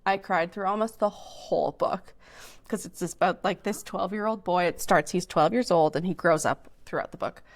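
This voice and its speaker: A woman from Canada co-hosting a podcast, telling stories in a chatty, animated way with many restarts. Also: fairly low pitch, normal speed. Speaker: podcast co-host. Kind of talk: casual chat.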